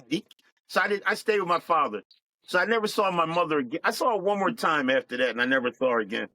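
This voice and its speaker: A middle-aged man telling his life story as a guest, in a plain, reflective, unhurried way. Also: on the high side, lively intonation, sharp tone, dry recording, rough recording. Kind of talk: personal storytelling.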